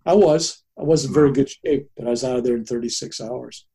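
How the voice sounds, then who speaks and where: An older man recounting a long personal story as an interview guest, animated and rambling, often tagging his sentences with "right?". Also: mid-range voice, fast talker, vocal fry, slightly rough.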